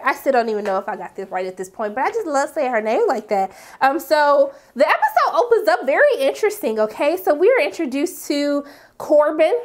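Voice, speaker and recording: Animated young woman recapping a show. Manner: animated, jumping between high exclamations and low asides. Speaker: recap host. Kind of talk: casual TV recap vlog.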